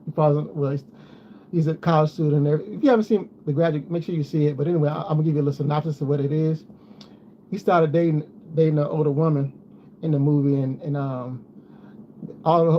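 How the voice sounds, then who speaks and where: A man chatting casually to his viewers, rambling and repeating himself as he goes. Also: fairly high pitch. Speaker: vlogger. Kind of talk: casual chat. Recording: dull lo-fi sound with faint noise.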